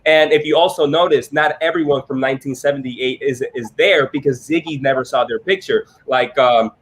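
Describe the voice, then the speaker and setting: A man lays out his theory about a film on a casual live stream, speaking in a measured, explanatory way. He is a little self-deprecating about his own ideas. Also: medium pitch, husky. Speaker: film discussion panelist.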